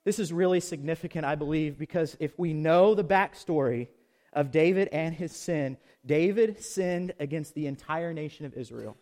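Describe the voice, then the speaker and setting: A man preaching a sermon, swinging from loud emphatic peaks to soft low asides and leading the congregation in call-and-response. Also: normal speed. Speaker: pastor. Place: outdoors.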